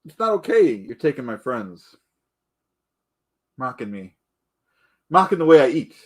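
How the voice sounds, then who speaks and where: A man's voice: mid-range voice, very animated, a little slow. A man in a rambling comedic rant, indignant and boastful, calling himself the Duke and stumbling over repeated words. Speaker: comedic ranter.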